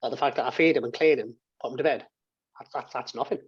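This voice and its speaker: A man's voice: medium pitch, quick pace, breathy edge, no room sound, dull audio. A man in his thirties telling a personal story as an interview guest, rambling with restarts and swearing, on a video call from his home office. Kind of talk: casual storytelling. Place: home office and games room.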